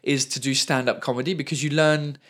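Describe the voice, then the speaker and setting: A man's voice: medium pitch, steady tone, a little fast, fairly bright tone. A man in his thirties from England with an English accent, a comedian chatting as a guest in an interview. He talks fluently and repeats words when he searches for a phrase. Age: 30s. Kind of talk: casual interview chat.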